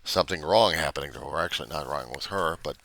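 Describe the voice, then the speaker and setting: A man's voice: a bass voice, quick pace, creaky, fairly bright tone. A man talking unscripted to his camera about recovery, blunt and profane, rambling and questioning himself. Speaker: recovery video diarist. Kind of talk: unscripted confessional monologue.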